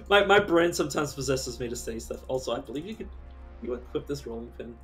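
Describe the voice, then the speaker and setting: A man's voice: mid-range voice, expressive, a little fast, fairly bright tone, faint music behind. A man giving casual, rambling commentary while streaming a game, chatty and given to casual swearing.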